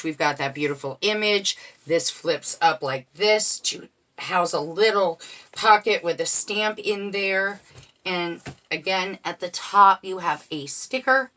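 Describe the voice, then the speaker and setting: A woman's voice: deep voice, sharp tone. A woman casually walking through a handmade scrapbook album page by page, chatty and explaining each piece as she goes. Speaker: crafter showing a handmade album. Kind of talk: casual show-and-tell narration.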